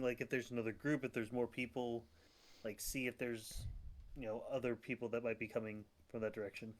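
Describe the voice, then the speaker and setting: A man playing a tabletop game who describes his character's moves hesitantly, with many pauses and fillers. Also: mid-range voice, slight background noise. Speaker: player.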